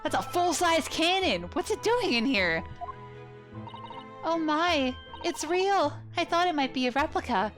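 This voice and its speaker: A woman's voice: extremely high pitch, big pitch swings, moderate pace, hardly any pauses, fairly bright tone, pitched above the performer's own voice, full character voice. A woman voicing an earnest, polite young male lawyer, over game music. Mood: eager.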